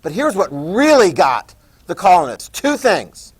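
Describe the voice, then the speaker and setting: A man's voice: high-pitched, huge pitch swings, unhurried, husky. A man teaching a history class in a conversational lecture style, repeating key points and checking that students follow. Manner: conversational, repetitive, checks understanding.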